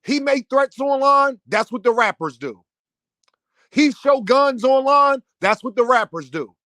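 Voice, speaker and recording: A man's voice: extremely high pitch, animated, a little slow, bright, forceful tone, no echo. A man delivering an impassioned commentary rant, firing off repeated rhetorical questions in a preachy, heated way. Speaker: commentary host.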